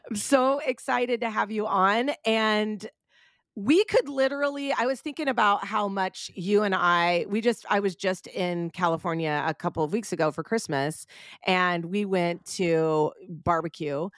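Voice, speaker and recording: A woman's voice: medium pitch, unhurried, fairly bright tone, no echo, studio quality. A young adult woman hosting a podcast, chatting casually with her guest, laughing often and talking straight to her listeners. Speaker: podcast host. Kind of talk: casual chat.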